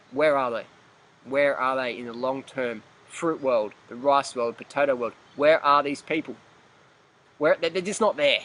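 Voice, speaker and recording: A man's voice: fairly high pitch, fairly bright tone, slight background noise. A man ranting bluntly in a fitness vlog, profane, emphatic and repetitive. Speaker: fitness vlogger.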